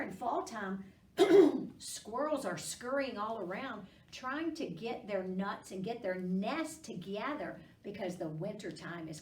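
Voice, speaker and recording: A woman, a children's librarian reading storybooks aloud with gentle, encouraging warmth. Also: medium pitch, slight background noise. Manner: gentle, encouraging, slow and sing-song with kids. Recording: roomy, distant library recording.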